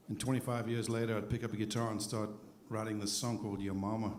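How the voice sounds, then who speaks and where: A man's voice: lowish voice, little pitch movement, quick pace, hardly any pauses, crowd noise. A man who moved to the country as an adult, a singer-songwriter telling wry, self-deprecating stories between songs at a live show. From outside the United States. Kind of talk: on-stage storytelling between songs. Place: live music venue stage. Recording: echoey live stage sound with loud music.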